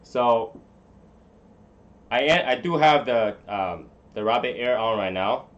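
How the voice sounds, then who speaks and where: A man's voice: mid-range voice, animated, takes it slowly, muffled recording. A man hosting a casual live stream, rambling and muttering to himself as he fiddles with his settings in a room at home. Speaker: livestream host.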